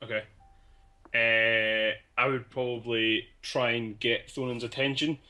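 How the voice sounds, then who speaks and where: A man playing a tabletop game, speaking in a measured, dry way with many hedges. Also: mid-range voice, little pitch movement, sharp tone. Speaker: player. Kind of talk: casual in-character game talk.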